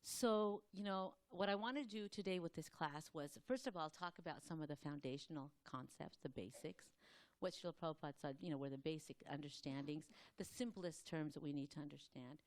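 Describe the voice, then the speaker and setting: A woman with a slightly low voice leads a scripture class in a quick, wandering delivery. She leans on fillers and stops now and then to clear her throat. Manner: fast, rambling, loosely structured delivery. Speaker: class speaker at a temple.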